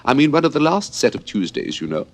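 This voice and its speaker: A man's voice: medium pitch, very animated, fast talker, voice pushed up. A man reading an audiobook, voicing a feeble, muddled queen with a fussy, anxious quaver. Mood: dithering.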